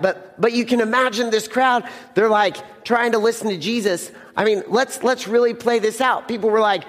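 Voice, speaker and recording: A man's voice: high voice, normal speed, in a large hall. A young man preaching a casual sermon to teenagers as a youth pastor, often repeating words and acting out the scene.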